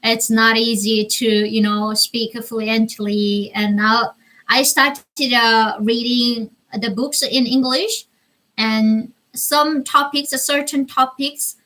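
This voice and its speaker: A woman from North Korea who speaks English with a Korean accent, chatting casually on a livestream and answering viewer comments with frequent pauses. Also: on the high side, fairly even intonation, sharp tone, poor audio. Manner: reads out viewer comments and answers them, pausing often. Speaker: livestream host.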